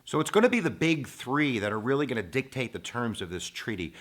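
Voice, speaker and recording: A man giving an energetic, informal history lecture to students, with playful asides and bursts of emphasis. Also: mid-range voice, fairly quick. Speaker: teacher.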